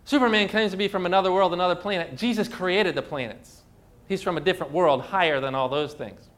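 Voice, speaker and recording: Pastor guy preaching hard, keeps asking right? didn't he?, voice a bit on the high side. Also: fairly quick, a bit bright. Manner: emphatic preaching with rhetorical questions. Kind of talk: sermon. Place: church. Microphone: phone.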